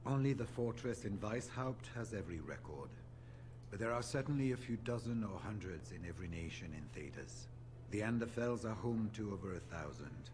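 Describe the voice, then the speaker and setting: An actor playing a weathered older male warrior in a video game, speaking in a measured, solemn way. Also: lively intonation, background noise, close to an everyday voice. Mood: grave. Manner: measured, solemn, low and confiding. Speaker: game character.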